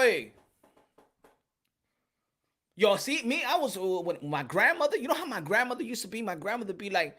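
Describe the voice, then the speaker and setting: A man's voice: sits high, big pitch swings, moderate pace, pauses often, sharp tone, slightly rough. A male podcast host ranting in a casual, emphatic way, repeating his points and slipping into Spanish phrases. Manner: emphatic and repetitive, slips into Spanish. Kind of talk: casual rant.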